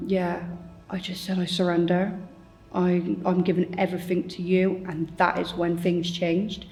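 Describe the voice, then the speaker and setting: A woman giving an earnest, halting personal testimony, with faint music behind her. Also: mid-range voice, mellow. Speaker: church testimony speaker.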